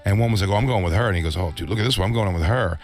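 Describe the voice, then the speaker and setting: Low-voiced male comedy co-host. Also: racing, soft background music. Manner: rambling, joking asides. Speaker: radio show co-host. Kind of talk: crude comedy banter.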